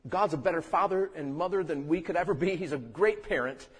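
Male preacher, high and husky, animated sermon delivery, long hall reverb. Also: brisk. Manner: animated storytelling preacher, acts out quotes. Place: church sanctuary.

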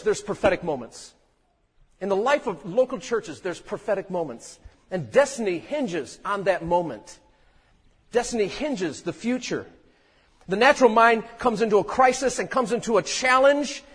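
High-voiced husky preacher in a hall. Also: male voice. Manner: animated storytelling preacher, acts out quotes. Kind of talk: sermon. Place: church sanctuary.

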